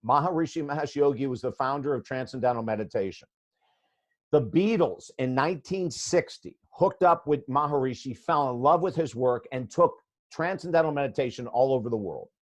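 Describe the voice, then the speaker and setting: An older man in his sixties tells a story as a guest on a podcast. His delivery is animated, blunt and emphatic, in a mid-range voice of ordinary pitch. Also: brisk. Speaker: guest author and life coach.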